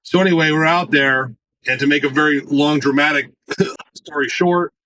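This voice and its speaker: Brief: male interview guest, slightly high voice, lively storyteller who acts out quotes. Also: moderate pace, a little hiss or hum, poor audio. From United States. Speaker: marketing executive guest.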